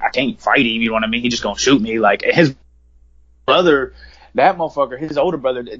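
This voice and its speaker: A young man from West Virginia rambles through a story as a guest, heavy with slang, swearing and fillers. His pitch sits in an ordinary middle range. The recording sounds dull and lo-fi. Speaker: guest, rapper. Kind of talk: casual storytelling in an interview.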